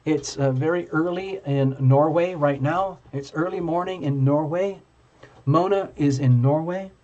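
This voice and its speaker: A man hosting a live tarot stream, chatting with viewers in an excitable, gushing and playful way. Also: a little high, measured pace. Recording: dull lo-fi stream audio.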